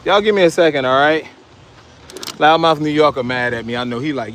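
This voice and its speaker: A man talks casually and chattily to his viewers in a slightly higher voice, filming himself outdoors in a city lot. Faint street noise sits behind him. His delivery is loose and easygoing. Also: expressive, a little fast, fairly bright tone. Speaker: vlogger. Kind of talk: casual live vlog.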